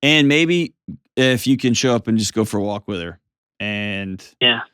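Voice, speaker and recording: A man's voice: mid-range voice, normal speed, fairly bright tone, smooth, dry recording, studio quality. A man hosting a call-in advice show, talking in an earnest, coaching way and often repeating his phrases. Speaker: host giving advice.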